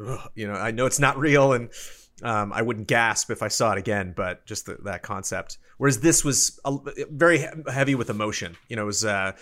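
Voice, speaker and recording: A man co-hosting a podcast, chatting casually in a rambling, animated way with lots of fillers. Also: fairly low pitch, gravelly. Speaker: podcast co-host. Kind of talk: casual chat.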